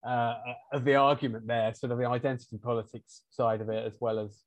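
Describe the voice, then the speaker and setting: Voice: medium pitch, level tone, fairly quick, no echo, dull audio. A podcast host in casual conversation, hesitant and searching for words.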